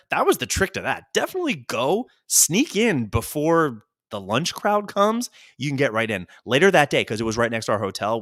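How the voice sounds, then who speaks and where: Lively man telling rambling stories. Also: on the high side, no room sound, clean studio sound. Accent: New York. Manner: rambling, self-mocking anecdotes with quick voiced asides. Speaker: podcast host. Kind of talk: solo comedic storytelling.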